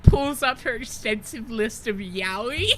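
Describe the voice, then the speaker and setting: A young woman streaming a visual novel, giggly, excitable and swearing freely as she reacts. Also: medium pitch, unhurried, slight background noise. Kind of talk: let's-play commentary.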